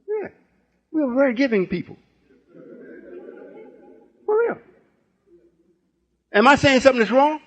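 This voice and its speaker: A man's voice: extremely high pitch, very animated, unhurried, pauses often. A man in his late sixties giving a folksy, rambling sermon-style teaching and checking in with listeners. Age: 60s. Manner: folksy, rambling, call-and-response. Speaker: spiritual teacher. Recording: muffled lo-fi recording.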